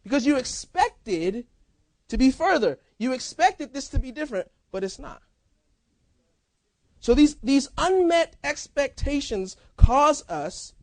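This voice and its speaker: A man preaching a sermon as pastor, in a lively, conversational style with casual banter. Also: very high voice, dry recording. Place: church.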